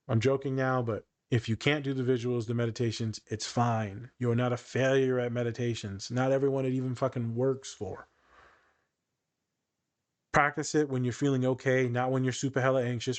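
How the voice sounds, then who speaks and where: A young man hosting a podcast, chatting casually and joking, with casual swearing. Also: medium pitch. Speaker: podcast host and therapist. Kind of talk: casual chat.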